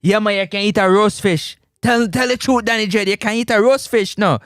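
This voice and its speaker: A man's voice: high voice, brisk, fairly bright tone, no echo, studio quality. A man with a Jamaican accent hosting a live sports talk stream, teasing viewers playfully and laughing often.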